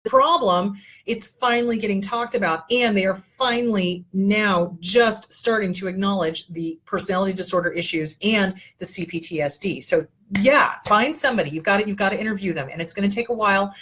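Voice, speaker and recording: A woman's voice: medium pitch, brisk, hardly any pauses, fairly bright tone, slightly rough. Blunt, profane woman therapist hosting a talk. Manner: blunt, profane, passionate, rambling. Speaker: therapist and show host. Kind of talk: solo livestream talk.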